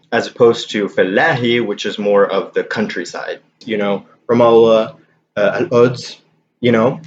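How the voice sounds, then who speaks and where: A man's voice: on the low side, slight background noise. A man teaching a spoken-Arabic lesson in a conversational, hedging way, walking through examples one by one. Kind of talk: casual explanatory lesson. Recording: slightly dull lo-fi audio.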